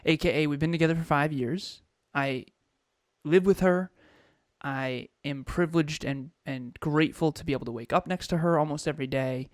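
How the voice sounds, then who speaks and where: A man co-hosting a podcast as a coach, speaking in a measured, deliberate way about personal growth. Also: on the high side, no echo, studio quality. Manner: playful, laughing easily, then measured and deliberate when explaining. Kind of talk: casual podcast chat.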